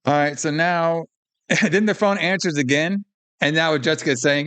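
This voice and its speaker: Animated man recapping a movie. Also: a little high, moderate pace. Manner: animated retelling, acts out lines, swears. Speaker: podcast co-host. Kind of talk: casual film recap chat.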